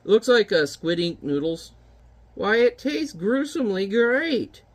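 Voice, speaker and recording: Gleeful old-fashioned comic witches savoring every word, slow and theatrical, as a man puts them on. The voice is pushed up high and drawn out, full of relish. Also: big pitch swings, exaggerated voice. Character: two gleeful cartoon witches, female. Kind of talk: reading comic dialogue aloud.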